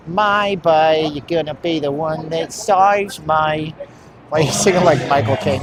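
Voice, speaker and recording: A man's voice: on the high side, measured pace. A man live-streaming while walking outdoors on a hot city street, bluntly rambling to his chat. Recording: street traffic noise.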